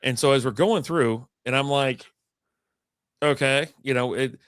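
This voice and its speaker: A man's voice: medium pitch, measured pace, a bit bright, smooth, no echo, clean studio sound. A man hosting a casual chat, telling a rambling, profane story and acting out the people in it. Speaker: podcast host.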